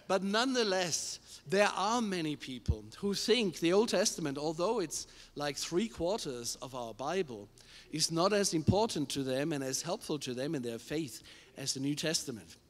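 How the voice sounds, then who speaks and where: A male pastor preaching a sermon to a live congregation, emphatic, asking the room questions and building to shouted climaxes. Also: a little high, expressive, normal speed. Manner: addresses the congregation directly with questions. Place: church service with a live congregation. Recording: long hall reverb in a church.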